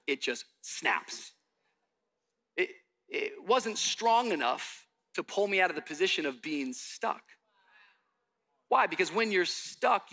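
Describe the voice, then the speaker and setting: A man's voice: a little high, pushed and bright. A young adult man from Miami preaching a sermon, telling a story with animation and acting out the dialogue. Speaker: pastor.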